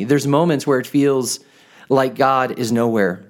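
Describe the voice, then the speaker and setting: A man's voice: mid-range voice, fairly even intonation, a little slow, a little mellow. A man hosting a reflective podcast, speaking earnestly and often stumbling on the first word of a phrase. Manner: earnest, stammers on starts of phrases. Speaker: podcast host. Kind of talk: reflective spoken podcast talk.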